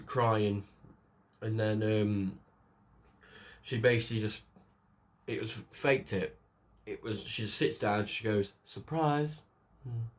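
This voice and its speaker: Guy rambling through a movie plot, lowish voice, lots of ums and restarts. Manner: rambling, lots of fillers and restarts, acts out quotes. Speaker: film reviewer. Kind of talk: casual spoken film review.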